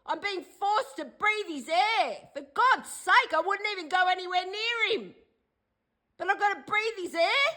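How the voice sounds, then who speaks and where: Agitated high-pitched Australian woman. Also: expressive, a little slow, pushed and bright, low-quality recording. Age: older. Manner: agitated, pleading and accusing, repeating phrases. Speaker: vlogger. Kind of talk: distressed direct-to-camera plea.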